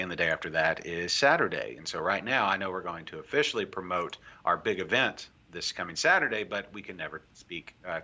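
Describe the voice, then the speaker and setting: A man hosts a live beer show in a loose, rambling way, pausing often with fillers. His voice is bright and fairly low. The stream audio sounds a little dull. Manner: rambling, chatty, lots of fillers. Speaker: co-host of a craft beer show. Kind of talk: casual live-stream chat.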